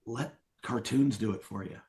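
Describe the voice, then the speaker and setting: A middle-aged man speaking as a sales coach in a podcast interview, telling stories and acting out quoted lines with lively voices. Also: fairly low pitch, moderate pace. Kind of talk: conversational interview.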